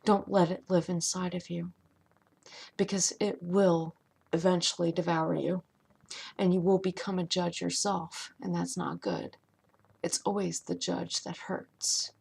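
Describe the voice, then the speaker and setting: A woman's voice: on the low side, little pitch movement, unhurried, vocal fry, a little mellow, breathy edge. A woman giving an impassioned motivational monologue, profane and emphatic, repeating lines for effect. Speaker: vlogger.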